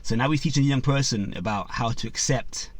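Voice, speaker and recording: A man hosting a boxing channel tells a story at a brisk pace in a medium-pitched voice, with no room sound in the recording. It's casual and heavy on fillers, with quick impressions of the people he quotes and asides to his viewers.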